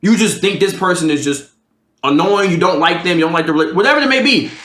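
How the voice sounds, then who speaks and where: A man's voice: high voice, fast talker. A young man live streaming, telling a profane storytime in a casual, slangy way with lots of swearing. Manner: animated, slangy, swears a lot. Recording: roomy echo.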